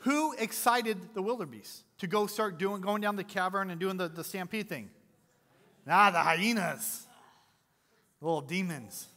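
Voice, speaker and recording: A man's voice: high-pitched, sharp tone. A man preaching a sermon as pastor, conversational and jokey, quizzing the congregation between earnest points, in a church sanctuary. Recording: long hall reverb.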